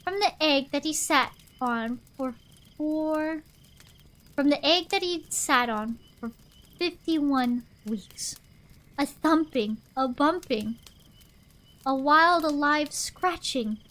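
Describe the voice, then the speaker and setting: A young woman streamer reads a picture book aloud into her desk microphone, drawing each line out slowly. Her voice is high and her asides chatty and animated.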